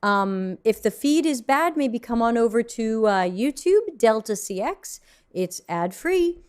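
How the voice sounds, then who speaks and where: A woman's voice: a little high, lively intonation, measured pace, clean tone. A woman hosting a livestream from her desk, reacting to viewer submissions in a frank, mildly snarky way with plenty of ums and restarts. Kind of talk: casual livestream commentary.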